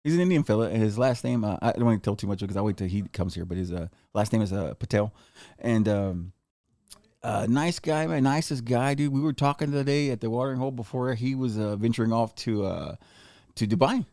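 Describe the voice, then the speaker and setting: A man's voice: mid-range voice, fairly quick, warm tone, dry recording. A man hosting a podcast in casual rambling chat, peppering his talk with "man" and "dude". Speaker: podcast host. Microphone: studio mic.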